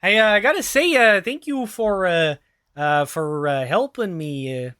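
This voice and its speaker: A man's voice: sits high, lively intonation, a little slow, pushed and bright, clear, resonant tone, no echo, studio quality, exaggerated voice. A man voicing a nervous, bumbling male minotaur with a Minnesota accent, stammering and apologizing. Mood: flustered.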